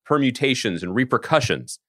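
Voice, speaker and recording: Wry male co-host with a lively, swinging pitch and dry studio sound. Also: brisk, dry recording. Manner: wry, playful, lively banter. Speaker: podcast co-host. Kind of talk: casual podcast chat.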